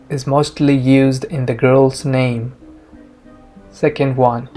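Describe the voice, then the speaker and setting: A language teacher giving a lesson summary, sounding out each tone slowly and carefully. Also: medium pitch, level tone, a little mellow, soft background music.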